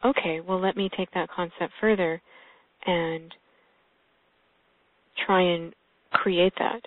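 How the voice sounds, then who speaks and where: A woman's voice: fairly low pitch, fairly even intonation, slow, no echo. A woman hosting a casual call, earnest, with small restarts. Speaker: host. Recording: tinny phone line.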